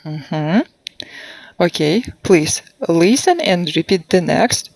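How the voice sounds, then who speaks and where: An English teacher in an online class runs a demo grammar lesson, speaking very slowly and stretching out each model sentence so students can repeat it. Her slightly low, darkish voice is expressive with vocal fry, captured close and dry with no echo or room sound. She checks answers using brief, encouraging prompts.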